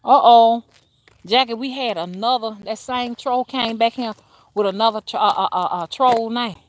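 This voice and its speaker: A woman's voice: a little high, normal speed. Chatty woman rootworker hosting a livestream. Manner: chatty, addresses viewers as y'all, reads comments aloud; rambling with frequent restarts and fillers. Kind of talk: casual livestream chat.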